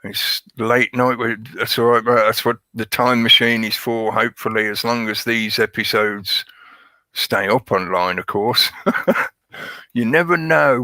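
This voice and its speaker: A man's voice: medium pitch, sharp tone, no echo. A man hosting a livestream, rambling through a conspiratorial monologue and greeting his chat. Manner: rambling, conspiratorial, chuckles at his own jokes. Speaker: livestream host.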